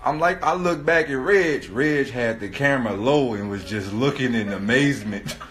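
A man's voice: medium pitch, animated, normal speed, a bit bright, a little hiss or hum. A man in his thirties telling a story in casual street slang, laughing often and repeatedly asking "right?". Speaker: host.

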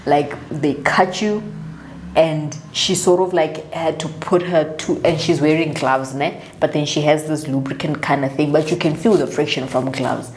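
A young South African woman telling a personal story in a chatty, animated way, acting out what others said. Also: deep voice, moderate pace, slight background noise. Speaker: vlogger. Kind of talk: casual storytelling. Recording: echoey room.

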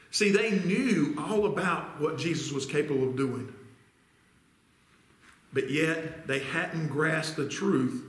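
A man's voice: a little high, takes it slowly, fairly bright tone, roomy sound. A man preaching a sermon as pastor, reading scripture aloud and putting questions to his congregation. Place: church sanctuary.

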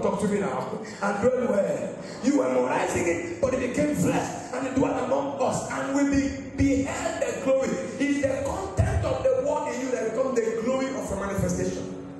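Heard from afar in a reverberant hall with faint music and crowd noise, a pastor delivers a forceful sermon built on call-and-response and sing-song climbs. He sounds animated and very high-pitched, speaking at a moderate pace.

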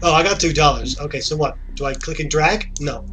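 A man's voice: on the high side, fairly quick, bright, forceful tone, a little hiss or hum. A young man chatting casually and rambling as he plays a game. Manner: chatty, rambling, self-interrupting. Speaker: gamer. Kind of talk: casual gameplay commentary.

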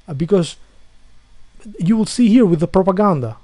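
A man's voice: high-pitched, lively intonation, normal speed, dark tone, no echo. A man delivering an angry ranting monologue to viewers, full of insults, repetition and stumbling restarts. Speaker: video blogger.

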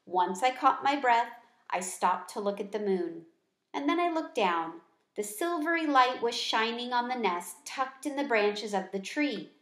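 A woman reading a children's book aloud in a gentle, expressive storyteller voice. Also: a little high. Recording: echoey room.

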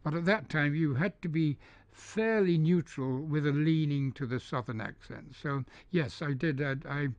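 A man's voice: a little high, moderate pace, dry recording. Older Englishman with a polished mid-Atlantic accent. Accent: neutralized English, mid-Atlantic. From north of England. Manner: storytelling, hesitant with frequent ums and restarts. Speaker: interviewee, dubbing studio founder. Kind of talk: relaxed anecdotal interview. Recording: dull, dry lo-fi recording.

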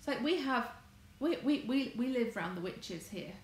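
A woman's voice: a little high, expressive, measured pace. An English woman from England rambling in casual livestream chat, wandering and correcting herself as she talks from her home. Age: adult, married. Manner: chatty, wandering, self-correcting. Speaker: crafts vlogger. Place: home conservatory. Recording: echoey room, faint background noise.

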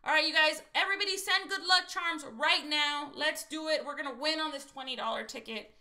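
A Texan woman with a high voice hosts a casual lottery scratch-off livestream, talking a little fast. Chatty and excitable, she addresses her viewers directly and keeps saying "you guys."

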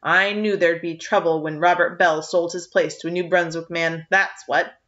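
A woman's voice: on the low side, fairly even intonation, normal speed, a bit bright, close to an everyday voice. A woman reading aloud voices a nosy older village woman who gossips in a disapproving way, recorded on a dull lo-fi track. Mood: gossipy.

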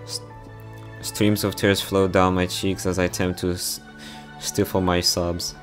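Low, slow-voiced man reading softly. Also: little pitch movement, faint music behind. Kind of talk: reading a visual novel mod aloud.

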